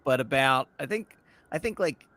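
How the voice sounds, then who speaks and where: A man's voice: medium pitch, animated, normal speed, fairly bright tone, dry recording. A man interviewing a guest casually, asking rambling questions full of fillers.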